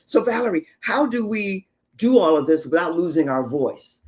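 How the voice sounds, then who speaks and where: A woman's voice: fairly low pitch, lively intonation, normal speed, a little mellow. A woman hosting a live show for women entrepreneurs, giving encouraging, repeated calls to action. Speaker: show host.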